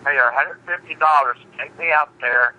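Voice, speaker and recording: A man's voice: on the high side, a little fast, narrow, tinny audio. A man in casual chat who stammers and repeats his words as he reacts to a friend. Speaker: friend listening.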